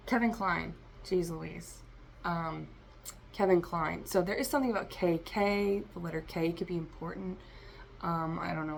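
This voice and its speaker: A woman with a low, gravelly voice full of vocal fry gives a tarot reading for her vlog. She rambles and free-associates, speaking straight to her listeners, with a faint noise underneath. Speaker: tarot reader.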